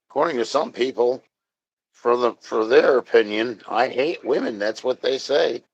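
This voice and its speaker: A man's voice: medium pitch, normal speed, no room sound. A man chatting casually on a live stream, rambling, joking and answering chat. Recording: dry, dull lo-fi sound.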